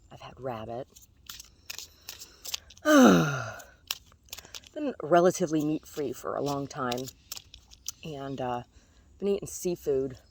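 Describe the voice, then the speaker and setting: A woman's voice: rumbling low, gravelly, a little hiss or hum. A woman vlogger chatting casually outdoors among the trees, rambling and self-deprecating, laughing at her own jokes. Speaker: vlogger doing tarot card readings.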